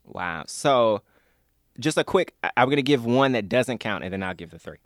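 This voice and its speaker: A man's voice: mid-range voice, expressive, moderate pace, no echo, clean studio sound. A man in his thirties chatting as an interview guest, enthusiastic and rambling, laughing often. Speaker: guest, comedy fan. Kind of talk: casual interview chat.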